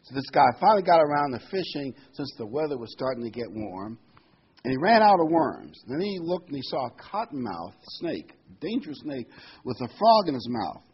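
A man's voice: mid-range voice, very animated, fairly quick, slightly rough, dull audio. A man preaching a sermon, reading Bible verses aloud and explaining them with folksy asides and a joke.

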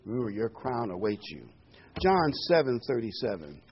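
A man's voice: lowish voice, very animated, normal speed, slightly rough. A man preaching a sermon, earnest and emphatic, repeating key words with occasional ums. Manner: earnest, emphatic repetition with fillers. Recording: dull lo-fi recording.

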